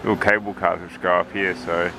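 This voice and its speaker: A man chatting casually as he walks, filming a travel vlog outdoors on a camera he carries, in a relaxed, thinking-aloud manner. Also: low-pitched, fairly quick, crowd noise, low-quality recording. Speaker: travel vlogger and marathon runner. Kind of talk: casual walking vlog narration. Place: outdoors on a windy lakeside and hillside town. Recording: outdoor recording with wind and traffic noise.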